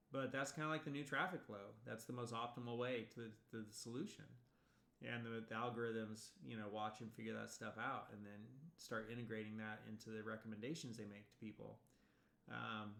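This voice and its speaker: A male college instructor giving a recorded video lecture in a loose, rambling way, full of fillers and restarts. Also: medium pitch. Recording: echoey room.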